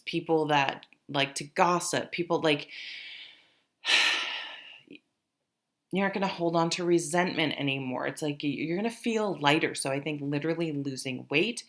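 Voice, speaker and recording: A woman's voice: low-pitched, a bit bright. A woman giving a casual, rambling tarot reading to her viewers, with many fillers and restarts. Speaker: tarot reader.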